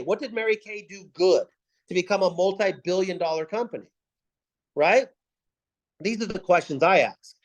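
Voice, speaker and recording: Man, high-pitched voice, video call, emphatic, repetitive rhetorical questions. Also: poor audio. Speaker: team leader giving a sales pep talk. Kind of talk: motivational team call.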